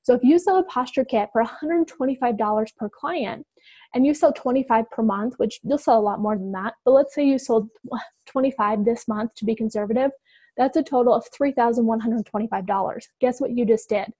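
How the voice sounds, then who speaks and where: A woman giving an energetic, direct instructional talk to healthcare providers, addressing them as "you guys". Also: fairly high pitch, brisk, dry recording, poor audio. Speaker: business coach for healthcare providers.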